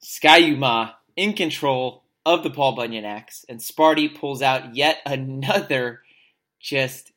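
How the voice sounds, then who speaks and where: Male co-host, bright voice, wry and joking while reading recaps. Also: medium pitch, slow. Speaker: podcast co-host. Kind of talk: casual sports podcast chat, reading score recaps.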